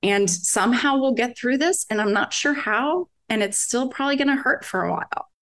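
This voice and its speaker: A woman's voice: on the high side, a little fast, a bit bright. A woman in her forties, a guest on a podcast interview, talking candidly about raising her kids, often laughing and quoting what she tells them. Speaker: guest, parent of several children.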